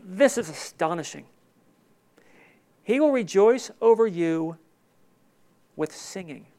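A man preaching a sermon with emotion, swinging between loud emphatic passages and soft hushed ones. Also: sits high, animated, takes it slowly. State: tearful. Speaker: pastor.

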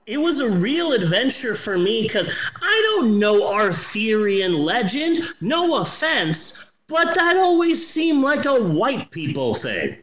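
Animated high-voiced man gushing about movies. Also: slow pace, few pauses, roomy sound, highs cut off, a little hiss or hum. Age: 40s. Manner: animated, swears a lot, enthusiastic. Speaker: podcast co-host reviewing movies. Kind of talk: casual profane movie review chat.

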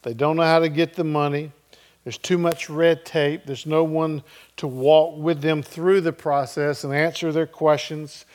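A man's voice: a little high, level tone, a little slow. Storytelling middle-aged male pastor. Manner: conversational storytelling, checks in with listeners; swings between loud and very soft. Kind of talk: sermon.

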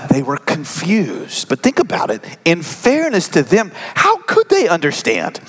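A middle-aged man preaching a sermon, joking with the congregation and swinging from loud emphasis down to hushed whispers. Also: on the high side, wildly swooping pitch, a little slow, breathy edge. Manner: conversational, joking asides to the congregation. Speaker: pastor. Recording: long reverb of a large hall.

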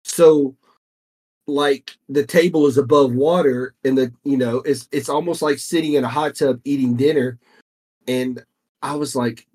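A man's voice: medium pitch, steady tone, measured pace, darkish tone. A man co-hosting a casual podcast chat, easygoing and rambling as he explains things. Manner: easygoing, rambling, restarts mid-thought. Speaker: podcast co-host.

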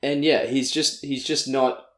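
A man's voice: mid-range voice, little pitch movement, a little slow. Rambling man, echoey room. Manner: rambling, filler-heavy recap with laughs. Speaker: podcast co-host. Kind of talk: casual chat.

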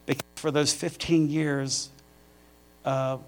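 A middle-aged man, a pastor, preaching a sermon through personal storytelling that rises to animated emphasis. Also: fairly high pitch, slow pace.

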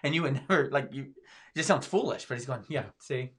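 A man's voice: medium pitch, brisk, a bit bright, slightly rough. A man talking as a pastor in a podcast discussion, preaching with emphatic swings in his voice. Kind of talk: sermon-style podcast discussion.

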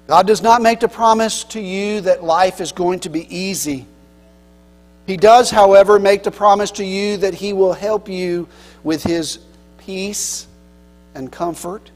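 Earnest man preaching in an echoing hall. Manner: earnest, swinging between loud emphasis and soft lows. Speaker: pastor. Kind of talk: sermon. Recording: long hall reverb with mains hum.

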